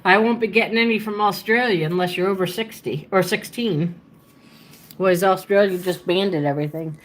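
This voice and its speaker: A woman's voice: mid-range voice, moderate pace, slight background noise. A woman chatting casually on a live stream from her home, muttering to herself as she searches a map, talking into a handheld phone. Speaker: livestreamer. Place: at home, indoors.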